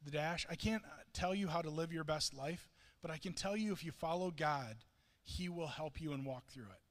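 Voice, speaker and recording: A man's voice: on the high side, moderate pace. A man preaching a sermon, telling a story earnestly with frequent restarts. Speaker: pastor. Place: church sanctuary. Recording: long reverb of a church hall.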